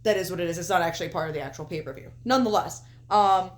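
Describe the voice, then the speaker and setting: Racing along in a lowish voice, this young podcast co-host keeps the chat casual. She talks at length in an offhand way, swearing freely as she goes through her picks.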